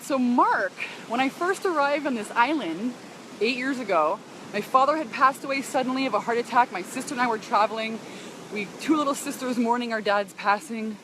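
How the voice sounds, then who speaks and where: A woman's voice: on the high side, a bit bright, slight background noise. A woman live-streaming on a beach walk, talking casually and emotionally to her followers, often laughing and sighing and greeting viewers by name. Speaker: business coach broadcasting live to followers.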